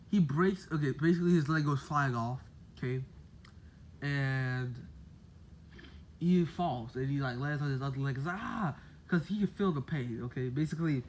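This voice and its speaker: A man's voice: fairly high pitch, a little mellow, slight background noise. A man casually telling a made-up fan story, rambling with lots of "like" and "basically".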